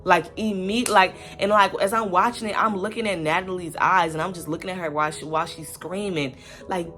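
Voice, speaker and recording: A woman's voice: medium pitch, normal speed, a bit bright. A young woman talking casually to camera in a rambling, candid commentary vlog, swearing freely and piling up fillers. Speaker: vlogger.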